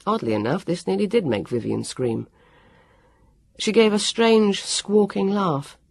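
A woman narrating a children's novel with expressive storytelling. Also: mid-range voice, unhurried, vocal fry, no room sound. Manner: expressive storytelling, character voices. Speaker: audiobook narrator. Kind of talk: scripted narration.

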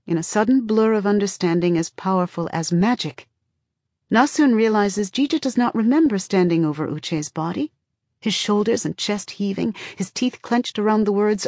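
A woman narrating an audiobook in a measured, close storytelling voice. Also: mid-range voice, a little mellow, no room sound. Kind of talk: scripted narration.

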